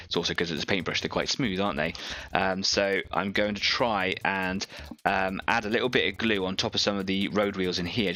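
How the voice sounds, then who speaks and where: A man's voice: sits low, pushed and bright. A man hosting an online painting stream, chatting casually and explaining each step while he works on a model. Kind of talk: casual chat while working.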